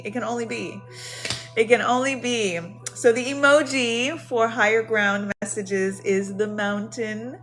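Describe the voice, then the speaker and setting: Woman livestream host with a lilt, bubbly and slangy, soft music under her. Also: mid-range voice. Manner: bubbly, slangy, greets viewers by name. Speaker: livestream host giving card readings. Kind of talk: casual livestream chat.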